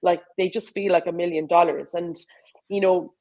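A woman with an Irish accent chats in an easy, animated way as an interview guest. Her speech runs on with fillers and quick asides as she tells stories. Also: lowish voice, rough recording. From Ireland. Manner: animated, chatty, lots of fillers. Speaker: rugby player and coach, guest. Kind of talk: casual conversational interview.

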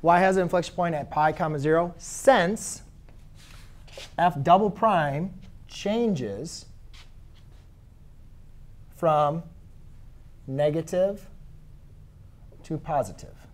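A man's voice: on the high side, expressive, takes it slowly, long pauses. A man teaching a math class in a conversational way. He asks his students questions and corrects his own slips as he goes. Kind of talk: classroom lecture.

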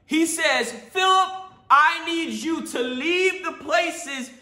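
A male pastor preaching a sermon, often shouting with emphasis, laughing between points, and asking himself questions. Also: very high voice, takes it slowly, echoey room. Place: church sanctuary.

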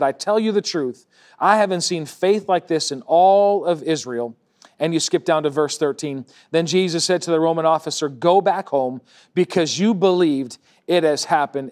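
A male pastor preaching a church sermon, reading scripture aloud between emphatic, conversational points. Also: fairly high pitch. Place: church service.

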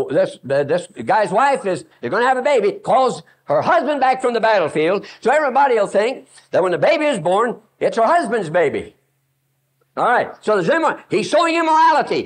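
A man preaches to young people at camp, hammering his points through repetition and story. His voice sits high and rises and falls sharply as he presses each line. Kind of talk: sermon.

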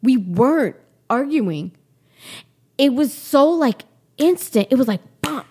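A woman in her forties tells her own story as an interview guest, her fairly high voice leaping up and down in pitch. She talks in an animated, lively way and slips into acting out the lines people said to her. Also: takes it slowly, husky. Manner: animated, acts out quoted dialogue.

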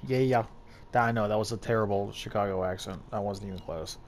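A man's voice: fairly low pitch, a little fast, slight background noise. A man giving casual gameplay commentary as a YouTuber, hyped and joking at himself. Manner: hyped, self-mocking banter. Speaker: gaming YouTuber.

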